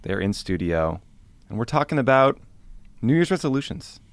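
A man's voice: mid-range voice, big pitch swings, normal speed. A man guest-hosting a podcast in a studio, introducing the crew in an upbeat, earnest way. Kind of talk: casual studio chat.

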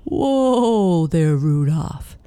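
A woman voicing a tired, kindly old Santa with slow, hearty calls in a storybook reading. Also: lowish voice, sing-song, gravelly, warm tone, no room sound, heavily acted.

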